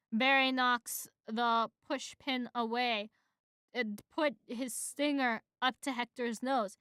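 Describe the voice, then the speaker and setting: Bright-voiced young woman reading a script. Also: on the high side, steady tone, slow, clear, resonant tone, no room sound, studio quality. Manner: casual, rambling, fillers. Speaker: streamer. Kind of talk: casual script read-through.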